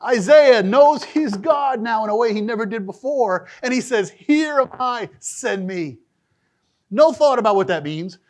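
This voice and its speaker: A male pastor preaching a sermon to a church congregation, moving between loud emphatic bursts and low, hushed asides. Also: lively intonation, a little slow. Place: church sanctuary.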